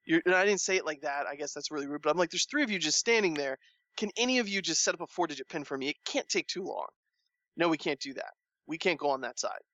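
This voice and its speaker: A man chatting casually, telling a long story with animated delivery and acting out the people he quotes. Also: fast, dry recording, muffled recording. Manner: animated storytelling, acts out quoted lines with rising pitch. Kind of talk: casual chat.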